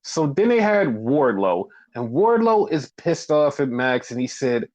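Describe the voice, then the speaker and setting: A man hosting a podcast, casually recapping wrestling in a profane, animated way and acting out what people said. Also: mid-range voice, a little slow, hardly any pauses, dull audio. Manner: animated, profane, acts out quoted lines. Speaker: podcast host.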